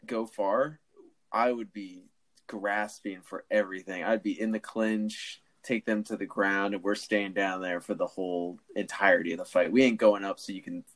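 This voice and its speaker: A man in his early twenties, chatting casually on a podcast and telling lively stories. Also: fairly low pitch, moderate pace. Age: 20s. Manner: animated storyteller who acts out the people he quotes. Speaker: podcast co-host.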